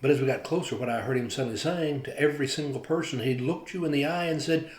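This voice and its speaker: A man, a pastor, telling a devotional story in a lively, animated way. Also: medium pitch, fast, hardly any pauses, echoey room. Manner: animated storyteller, acts out quoted people.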